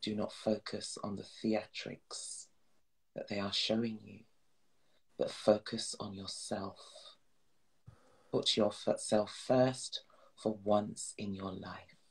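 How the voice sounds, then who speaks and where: A man leading a slow, solemn guided prayer and meditation, soothing and at times dropping to a whisper. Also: fairly low pitch, little pitch movement, gravelly, husky, poor audio. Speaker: spiritual guide.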